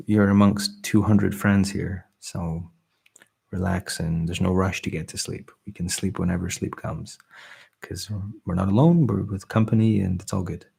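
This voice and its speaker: Hosting a late-night ASMR live stream, a man born in England and raised in Scotland reads viewer comments in a soft, warm, humble way that often trails off. His voice is low, gravelly, and edged with breathiness.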